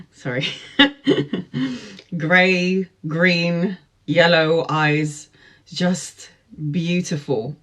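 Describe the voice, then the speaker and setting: Woman, 40s, slightly low voice, casual live storytelling, animated, laughs a lot. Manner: animated, laughs often, greets viewers mid-story. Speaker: tarot reader hosting a live stream.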